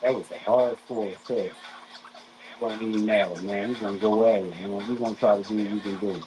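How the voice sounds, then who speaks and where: A man's voice: on the low side, fairly even intonation, brisk, over music, rough recording. A man streaming live craps and rambling in profane, restart-heavy casual chat. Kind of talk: casual chat while gambling.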